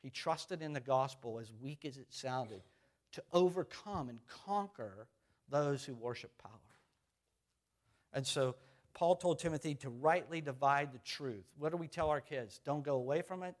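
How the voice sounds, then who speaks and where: A man's voice: mid-range voice, moderate pace. A middle-aged man preaching a conversational sermon as pastor, repeating phrases and putting questions to the congregation.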